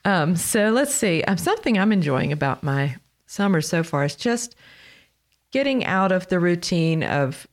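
A woman, co-hosting a casual faith podcast in a gentle, easygoing way. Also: fairly low pitch, sing-song, normal speed. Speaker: podcast co-host.

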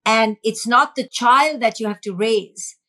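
A woman's voice: on the high side, measured pace, pushed and bright. A middle-aged woman, a parenting expert, explaining earnestly and emphatically as a guest in a podcast interview.

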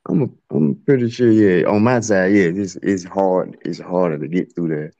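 Deep laid-back male producer, muffled. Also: normal speed, vocal fry, warm tone. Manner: laid-back, slangy, loose. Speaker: guest music producer. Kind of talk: casual interview talk.

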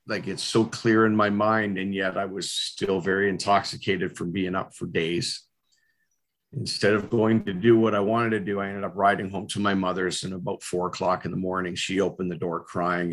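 A man's voice: low voice, fairly bright tone. A middle-aged man telling his personal testimony earnestly and candidly, with frequent fillers. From Canada.

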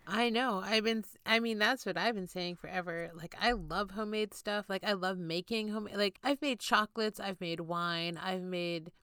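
A woman co-hosting a casual podcast, talking in an animated, emphatic way and swearing constantly. Her voice is bright and smooth, and it sits close on a dry mic. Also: medium pitch, moderate pace, few pauses, dry recording. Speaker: podcast co-host. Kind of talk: casual chat.

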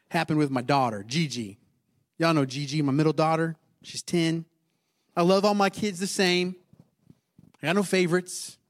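A man, preaching a sermon in a conversational way, often putting questions to the congregation. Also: a little high. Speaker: pastor.

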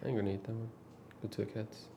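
A woman's voice: a bass voice, flat delivery, very fast, dark tone, echoey room. A woman chatting casually with her partner over a meal, teasing and laughing.

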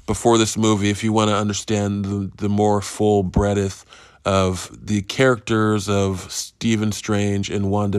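A man's voice: on the low side, smooth, no room sound, studio quality. A man hosting a casual solo podcast, reviewing a movie in a rambling, profane, self-interrupting way. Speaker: podcast host.

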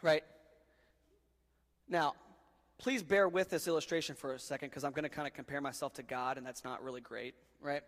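A man's voice: fairly high pitch, steady tone, normal speed, pauses often, fairly bright tone. Joking, casual preacher man, hall echo. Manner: casual and joking, talks to the crowd as guys, bro and dude. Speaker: pastor. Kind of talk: sermon.

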